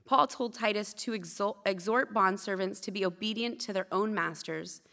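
A woman's voice: medium pitch, normal speed, creaky, sharp tone. A woman in her thirties preaching at church, telling candid, self-deprecating stories between scripture teaching. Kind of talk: sermon.

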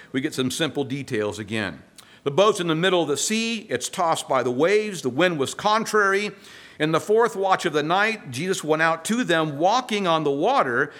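A male pastor delivering a sermon in a high, bright voice. His pitch swings widely as he tells the story with humor and acts out the voices of the people in it.

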